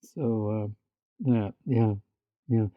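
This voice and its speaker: A man's voice: on the low side, fairly even intonation, extremely slow, no echo, phone-quality sound. A man co-hosting a podcast, telling stories in casual chat with many restarts and fillers, laughing now and then. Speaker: podcast co-host.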